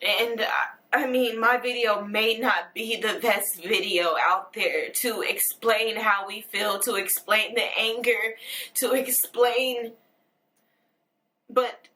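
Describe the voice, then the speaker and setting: A young woman in a personal video monologue, tearful and earnest, pausing and restarting her sentences. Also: on the high side, sharp tone, poor audio. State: crying, tearful. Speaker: vlogger.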